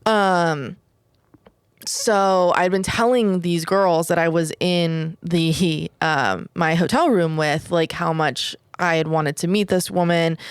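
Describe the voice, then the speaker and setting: A woman's voice: on the low side, clean tone, no room sound, clean studio sound. A woman, telling a personal story in casual podcast chat, full of "like" and "whatever" and the odd swear. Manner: candid storytelling, frequent "like" and "whatever".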